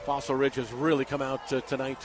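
A middle-aged man calling a high school football game live for radio from a packed outdoor stadium, building to shouts on big plays. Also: little pitch movement, fairly quick. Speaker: radio play-by-play announcer. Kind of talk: live sports play-by-play commentary.

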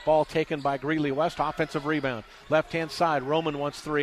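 A man doing fast radio play-by-play for a high school basketball game, getting loud and excited on big shots. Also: noisy background. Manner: rapid, excitable, rises loudly on big shots.

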